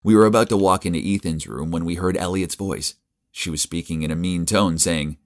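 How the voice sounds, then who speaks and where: A young man with a very low, deep voice tells an animated story in the first person. His narration is earnest and emotive, plainly scripted. He sounds young. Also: a little fast.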